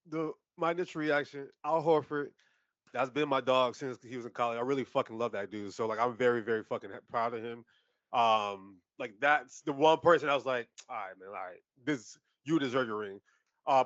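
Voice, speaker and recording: A man's voice: mid-range voice, a little fast, no room sound, highs cut off. A man co-hosting a sports podcast, talking casually with lots of swearing and laughter. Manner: animated, profane, laughs often. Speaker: podcast co-host.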